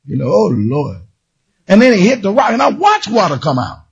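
A man preaching a lively sermon, telling a story in character and calling out to his congregation. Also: high-pitched, normal speed, gravelly, slightly rough, lo-fi sound. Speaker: pastor.

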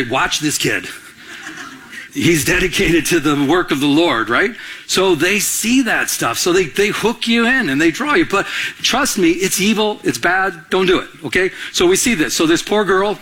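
A man delivering an animated sermon in a high, expressive voice. His tone is bright and slightly husky, and he keeps turning to his listeners with questions. He acts out the people in his stories with big jumps in pitch. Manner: animated, conversational, asks the audience questions. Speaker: pastor.

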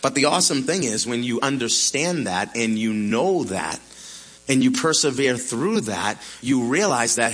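A male pastor preaching a sermon in an animated way, acting out the apostle's words in quotes. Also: medium pitch, measured pace, slightly rough. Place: church.

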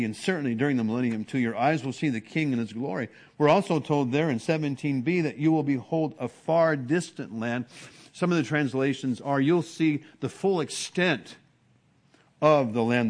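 A man preaching an expository sermon in a conversational way, often restarting words and acting out hushed exclamations of awe. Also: on the high side.

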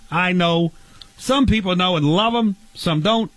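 A brash man hosting an improvised comedy sketch. He talks fast in a high voice and rambles while teasing his guest. The sound is dry and close. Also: lively intonation, a bit bright, slightly rough, dry recording. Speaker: host.

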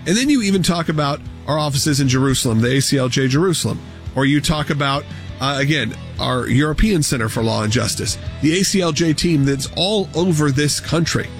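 A man with a somewhat high voice hosts a talk radio show from a studio, earnest and energetic, circling back over his points. Faint music sits underneath him. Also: fairly quick. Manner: earnest, energetic pitch with repetitions. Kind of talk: talk radio fundraising appeal.

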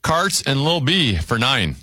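A man hosting a word game show, briskly announcing scores and clues. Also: medium pitch, very animated, loud music behind the voice.

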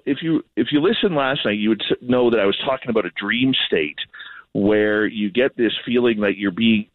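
A man from Canada, a radio host, telling an animated, self-deprecating story in casual chat. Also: lowish voice, dry recording. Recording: tinny phone line.

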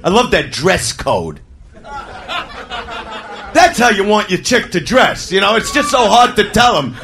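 A man doing crude stand-up, swinging from low mutters to shouts. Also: very animated, measured pace. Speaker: stand-up comedian. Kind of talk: stand-up comedy.

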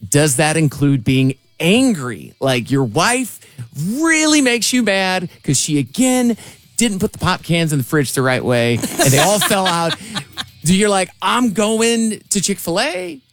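A man's voice: on the high side, big pitch swings, measured pace. A man co-hosting a morning radio show, asking questions in an easygoing, teasing way. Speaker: radio co-host. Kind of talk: casual morning radio chat.

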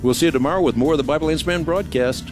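Over music, a radio host answering Bible questions explains scripture emphatically and leans on rhetorical questions. His voice is on the high side and his delivery is rapid-fire.

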